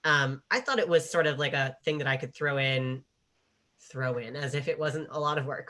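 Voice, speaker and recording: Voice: medium pitch, fairly even intonation, moderate pace, sharp tone. An author speaking as a guest in a panel talk, rambling and full of filler words, often laughing.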